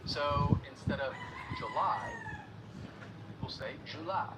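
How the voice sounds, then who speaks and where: A man's voice: sits high, big pitch swings, a crowd in the background, rough recording. A man with a Southern US accent teaching a lesson on that accent, drawing out vowels to demonstrate them. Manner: explains slowly, demonstrates drawn-out Southern vowels.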